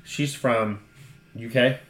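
A man's voice: medium pitch, steady tone, slow pace, fairly bright tone. Profane storytelling man in an echoey room. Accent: Ohio. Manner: profane, storytelling, laughs often. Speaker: podcast co-host. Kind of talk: casual chat.

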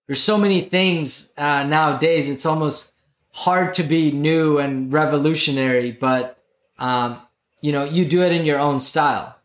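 A man's voice: a little high, a little slow. A laid-back man co-hosts a casual chat with a slightly raised voice. He leans on fillers as he talks, and his voice rings in a roomy, echoey space.

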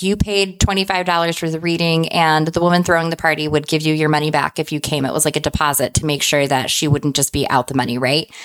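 A woman's voice: fairly low pitch, fairly bright tone. A woman telling a personal anecdote in a casual, chatty way, often adding "like" and "right?". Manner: chatty, tags lines with "like" and "right?". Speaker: storyteller.

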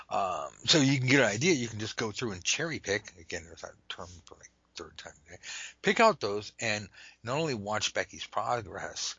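A man hosting a podcast, ranting in an animated way and dropping to whispers for asides. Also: lowish voice, slightly rough, dry recording. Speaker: podcast host and tarot teacher. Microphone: internet call microphone.

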